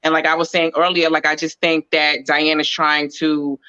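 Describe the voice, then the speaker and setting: A woman chatting casually about reality TV as a podcast co-host, her voice bright and forward. She talks in a relaxed, rambling way, leaning on filler words. The sound is dry and a little dull, like a modest home mic. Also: sits low, moderate pace, smooth, no echo. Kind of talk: casual reality TV recap chat.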